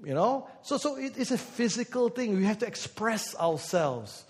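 A man's voice: high-pitched, very animated, normal speed, a little mellow, long reverb tail. A male pastor giving a conversational sermon, teasing the congregation and breaking into bits of song. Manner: conversational, teasing the congregation, sings snatches of songs.

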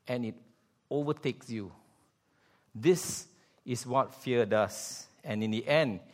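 Animated preacher. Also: male voice, medium pitch. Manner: animated, rhetorical questions, vocal sound effects. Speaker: pastor. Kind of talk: sermon.

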